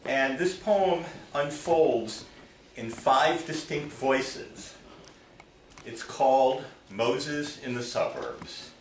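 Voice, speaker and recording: Man, poet, live poetry reading, lively intonation, echoey theater, faint background. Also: mid-range voice, slight background noise. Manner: measured, expressive reading. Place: theater stage. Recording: roomy theater, from far off.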